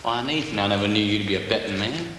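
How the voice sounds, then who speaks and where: An actor playing a cool, sly male high-stakes gambler, smooth and teasing, in a stage musical. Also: rapid-fire, a bit bright, a little hiss or hum, lightly acted. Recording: echoey theatre hall.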